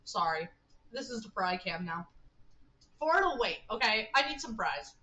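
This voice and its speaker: A woman streaming a text game, reading its narration aloud and chatting excitably with her viewers. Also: mid-range voice, normal speed, low-quality recording. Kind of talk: casual live-stream gameplay with narration read aloud.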